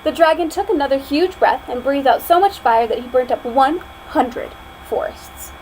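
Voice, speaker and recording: High-voiced young woman reading a storybook. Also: a little fast, slight background noise, low-quality recording. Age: young adult. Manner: expressive storytelling, chatty afterward. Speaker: student reader. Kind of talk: reading a picture book aloud.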